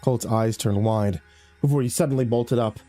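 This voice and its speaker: A man narrating a first-person horror story in a measured, grim way. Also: mid-range voice, mellow, faint music behind.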